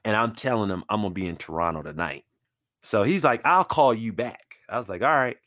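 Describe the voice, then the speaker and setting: A man in his forties, a retired basketball player, telling a story in an animated way and acting out the people he quotes. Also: a little fast, no echo, studio quality. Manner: acts out quoted voices, jumping high and dropping low.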